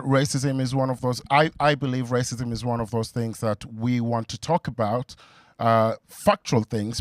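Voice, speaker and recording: A young man doing a stand-up comedy set, halting and full of fillers, on a stage mic in front of a live audience. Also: medium pitch, no echo, studio quality. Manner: halting, with many fillers and restarts. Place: comedy venue before a laughing crowd.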